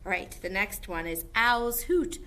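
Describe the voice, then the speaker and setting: A woman music teacher leading an online music lesson for young children, with an animated sing-song manner. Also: mid-range voice, measured pace, slight background noise. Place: indoor classroom.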